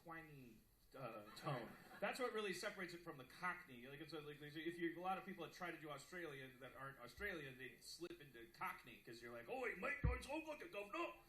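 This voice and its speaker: A man's voice: a little high, fairly quick, sharp tone, a little hiss or hum. A man hosting a live comedy podcast on stage, joking in a stammering, mock-earnest way. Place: live stage before an audience. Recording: roomy stage audio with music.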